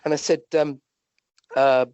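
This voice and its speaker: A man with a British English accent, a physician and medium, telling rambling anecdotes as a guest, with many restarts and lively jumps in pitch. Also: a little slow, clear, resonant tone, no echo, muffled recording. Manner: animated, rambling anecdotes with restarts and acted-out quotes. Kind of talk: conversational storytelling.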